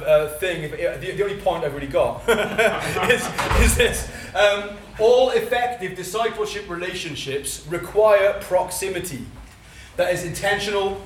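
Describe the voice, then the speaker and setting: A Welsh man teaching a church training session, talking fast and excitedly with many fillers and restarts. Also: high voice, slight background noise. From Wales. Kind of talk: teaching talk at a workshop. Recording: echoey room, mic at a distance.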